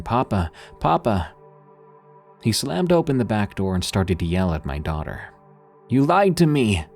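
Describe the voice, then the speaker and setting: Deep-voiced male horror narrator. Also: a little mellow. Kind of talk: scripted narration.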